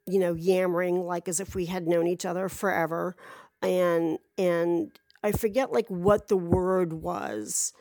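A woman's voice: fairly low pitch, dark tone, no echo. Rambling, candid woman telling a story. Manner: rambling, many fillers and restarts, candid swearing. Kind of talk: casual personal storytelling.

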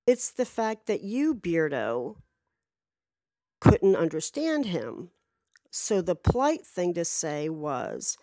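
A woman's voice: mid-range voice, sing-song, takes it slowly, dark tone, no echo. A woman casually telling a personal story, rambling with many fillers and restarts and swearing freely.

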